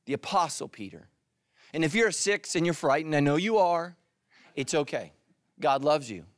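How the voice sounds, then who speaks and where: Joking, earnest pastor from California. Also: male voice, a little high, no room sound, studio quality. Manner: joking storyteller, drops to a quiet earnest tone. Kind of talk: sermon.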